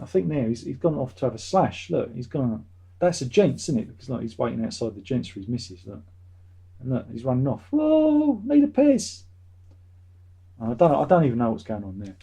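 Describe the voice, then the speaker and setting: With lively intonation and a fairly quick pace, this channel host meanders through a casual vlog chat, cursing offhandedly. His medium-pitched voice is dark and husky, with some vocal fry.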